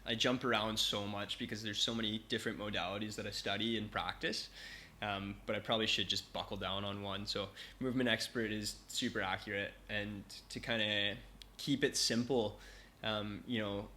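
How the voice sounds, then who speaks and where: A man's voice: lowish voice, steady tone, moderate pace, sharp tone, slight background noise. A man from Canada, a movement coach guesting on a podcast, talking in a laid-back, easygoing way with plenty of fillers. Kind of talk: casual interview chat. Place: Bali.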